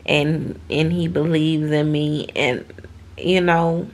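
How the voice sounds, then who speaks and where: Woman vlogger, crying softly, slow halting delivery. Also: deep voice. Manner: tearful, heartfelt, slow and halting. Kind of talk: emotional casual vlog talk.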